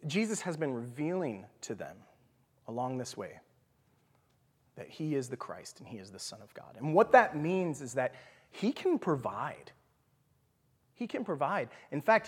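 A man teaching scripture in a relaxed, conversational way, often checking in with "right?" and sometimes dropping to a whisper for emphasis. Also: mid-range voice, moderate pace, husky. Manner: animated, leans on "right?" and "okay?". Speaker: Bible study teacher. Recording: long hall reverb.

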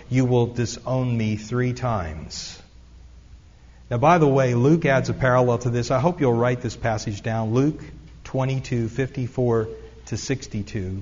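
A man's voice: medium pitch, darkish tone. Pastor guy preaching, chatty asides, long church echo, kinda muffled lo-fi audio. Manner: earnest, conversational preaching with asides. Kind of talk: sermon. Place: church sanctuary. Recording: echoey hall, dull lo-fi sound.

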